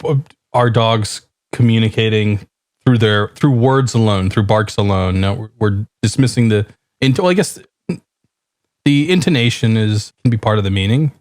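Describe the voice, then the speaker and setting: A man's voice: fairly low pitch, normal speed, darkish tone, no room sound, clean studio sound. A man co-hosting a podcast, reasoning aloud in a thoughtful, casual way. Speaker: podcast co-host. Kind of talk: casual chat.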